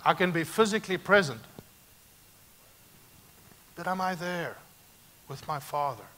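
A male pastor delivers a sermon with a bright, forceful tone in a slightly raised register. His delivery is animated, swinging between loud emphatic points and quiet, hushed asides. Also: on the high side, unhurried.

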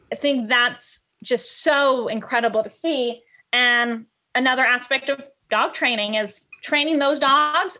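A woman dog trainer chatting as a podcast guest, telling animated stories and acting out what people said. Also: fairly high pitch. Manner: animated storyteller, acts out quotes. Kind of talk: casual podcast chat.

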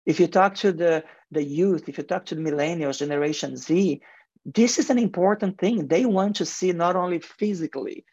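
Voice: medium pitch, normal speed, a little mellow, husky, dry recording. A guest in marketing and advertising speaks earnestly in a radio interview with a heavy accent and frequent restarts. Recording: dull lo-fi radio sound, dry.

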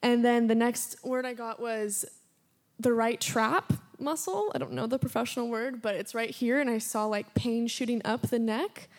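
A woman's voice: fairly high pitch, moderate pace. A woman giving words of knowledge and leading an earnest, emotional prayer with many fillers. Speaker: prayer minister. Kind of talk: spontaneous prophetic prayer.

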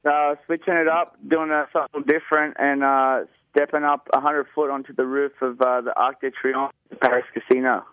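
A male guest answers questions in a casual, halting way, filling gaps with uh and you know. His voice is mid-pitched. The line sounds dull and dry. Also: little pitch movement, dry recording. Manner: halting, lots of fillers.

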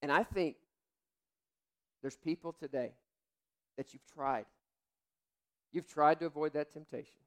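A young adult man preaching with a slightly high voice. He tells personal stories in a candid, conversational way, speaking straight to his congregation. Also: measured pace, pauses often, fairly bright tone. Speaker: pastor. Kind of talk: sermon.

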